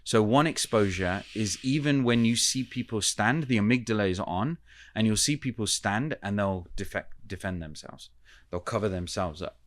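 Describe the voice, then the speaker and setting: A man who is a communication expert, explaining ideas in a measured, teacherly way as a podcast guest. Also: fairly low pitch, no room sound. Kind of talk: podcast interview.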